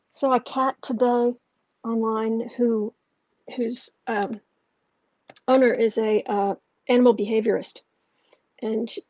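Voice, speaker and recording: Husky fairly high-voiced lady rambling on a home livestream, earpiece mic, kinda dull dry sound. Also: dry recording. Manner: rambling and warm, with frequent fillers and asides. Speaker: astrology and tarot livestream host. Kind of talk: chatty livestream talk, reading chat comments. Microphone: earpiece microphone.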